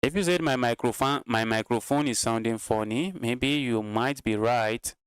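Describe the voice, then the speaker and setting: A man's voice: medium pitch, moderate pace, clear, resonant tone, no room sound. A man commentating his own live chess games, talking to his chat and repeating phrases while he plays, sounding tired. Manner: repeats himself, talks to chat. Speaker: chess streamer.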